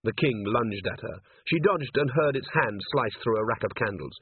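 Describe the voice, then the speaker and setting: A man narrating an audiobook in a lively, expressive manner. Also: mid-range voice, normal speed, few pauses, husky, no room sound. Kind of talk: audiobook reading. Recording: tinny phone-like sound, dry.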